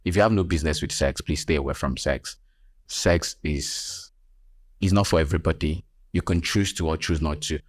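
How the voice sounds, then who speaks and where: A man's voice: extremely low pitch, moderate pace, no room sound, clean studio sound. A man with a Nigerian accent hosting a health podcast as a nurse, talking emphatically with teasing asides.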